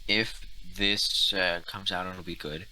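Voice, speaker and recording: A man's voice: deep voice, fairly even intonation, takes it slowly, sharp tone, low-quality recording. A young man co-hosting a casual podcast chat, telling rambling, profane stories with lots of fillers and restarts. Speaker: podcast co-host.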